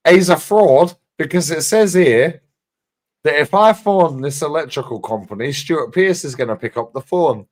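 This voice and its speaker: A man putting on an impression of a gruff, cantankerous older football manager, blunt and scornful. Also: on the high side, animated, normal speed, voice pushed up, lightly acted.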